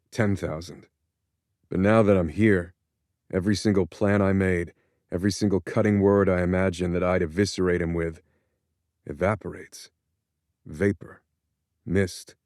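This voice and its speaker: A man with a very deep, low voice narrates a first-person audiobook in a measured, introspective way. He is recorded close up on a studio mic, and the sound is dry, with no room around it. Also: flat delivery, a little mellow, no echo.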